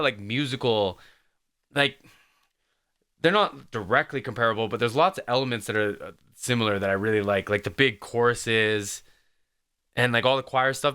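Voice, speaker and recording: A man's voice: medium pitch, pushed and bright, smooth. A man hosting a music reaction video, talking casually and rambling, full of "like" and "man".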